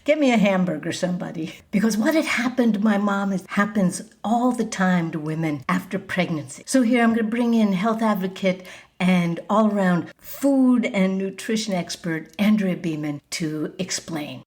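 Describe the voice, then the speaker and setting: A woman host telling a personal family story in a lively, conversational, anecdotal way. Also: mid-range voice, normal speed.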